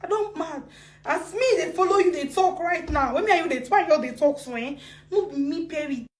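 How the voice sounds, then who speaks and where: A woman with a Nigerian Pidgin accent, ranting on a live video, agitated and swinging between laughing, crying and shouting. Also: high-pitched, brisk, reverberant. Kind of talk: emotional live-video rant.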